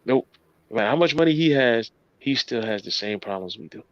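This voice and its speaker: A man co-hosting a casual podcast, animated and full of "you know" and "like.". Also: mid-range voice, a little fast, no echo, highs cut off. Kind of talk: casual chat.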